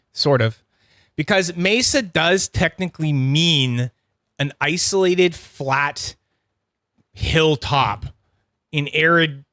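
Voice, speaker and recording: A man's voice: fairly high pitch, a bit bright, no echo, clean studio sound. A man hosting a casual livestream review, rambling and chatty, swearing freely and greeting viewers by name. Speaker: host of a livestream review channel.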